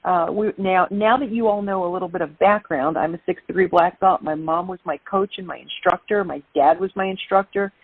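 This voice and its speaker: Animated woman telling stories over a tinny line. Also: on the low side, brisk, hardly any pauses, husky, dry recording. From Brooklyn, New York. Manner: lively, animated storyteller. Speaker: guest. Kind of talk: interview storytelling.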